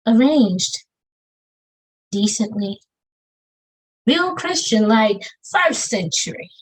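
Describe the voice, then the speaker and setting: Southern lady doing spoken word over a video call, kinda husky, pitched a bit high, punchy rhythm. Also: animated, slow pace, pauses often, poor audio. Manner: rhythmic, emphatic delivery with Southern slang. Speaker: poet. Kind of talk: spoken-word poetry performance.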